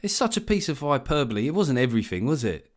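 A man in his forties holds forth in a relaxed chat, opinionated and openly exasperated. He talks at an ordinary middle pitch and swears freely. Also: quick pace. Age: 40s. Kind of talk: casual chat.

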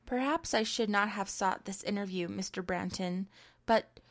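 A woman's voice: mid-range voice, moderate pace, close to an everyday voice. A woman voicing a young society woman from a storybook, speaking earnestly and pleadingly. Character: young society woman, composed then agitated.

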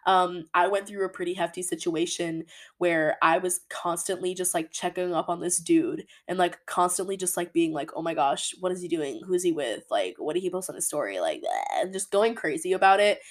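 Earnest young woman, low-pitched and emphatic. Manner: earnest, emphatic, many "like" fillers. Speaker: podcast host. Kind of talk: casual advice monologue.

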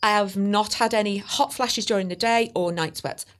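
A woman's voice: mid-range voice, normal speed, a bit bright. A woman chatting casually on a podcast, rambling and poking fun at herself. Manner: chatty, rambling, self-mocking. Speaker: podcast guest. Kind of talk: casual chat.

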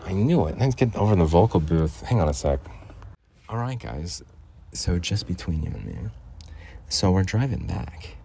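A man's voice: deep voice, sing-song, moderate pace, gravelly, warm tone, a little hiss or hum. An older man hosting his own podcast from a makeshift vocal booth, talking in a loose, rambling way, jumping between topics and chuckling often. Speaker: podcast host. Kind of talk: casual rambling podcast monologue.

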